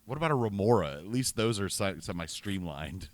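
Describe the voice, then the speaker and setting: A man co-hosting a casual fan podcast, playful and quick to tease and riff. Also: fairly low pitch, lively intonation, a little hiss or hum. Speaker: podcast co-host. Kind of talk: casual chat.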